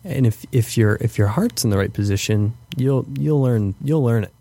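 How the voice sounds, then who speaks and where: A young man speaking as a podcast guest in a warm, mellow voice. He answers slowly and thoughtfully, restarting sentences often. The sound is dry and close. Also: mid-range voice, no room sound. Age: young adult. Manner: hesitant, many restarts and fillers.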